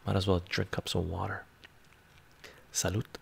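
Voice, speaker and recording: A man hosting a live stream, reading song lyrics in a soft-spoken ASMR manner, his voice going a little rough. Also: low voice, monotone, unhurried, a little hiss or hum.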